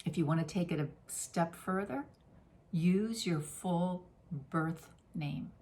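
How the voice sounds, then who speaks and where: A woman's voice: lowish voice, slow pace, darkish tone. Effusive woman giving an oracle card reading. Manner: effusive and playful, with sudden exclamations. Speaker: spiritual reader.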